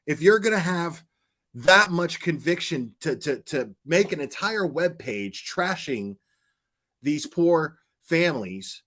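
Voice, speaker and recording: Fired-up guy ranting on a reaction stream, kinda high voice, swears a ton, stammers when mad. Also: expressive, takes it slowly, fairly bright tone. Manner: heated, profane, stammering when worked up. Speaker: commentary streamer. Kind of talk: angry reaction commentary.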